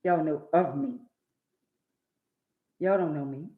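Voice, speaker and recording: A woman's voice: low-pitched, slow. Woman, profane preachy rant, scolds viewers, echoey room, dull lo-fi sound. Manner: blunt, profane, scolding, lecturing her viewers; repeats words for emphasis. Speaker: live-stream host. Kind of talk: preachy live-stream rant.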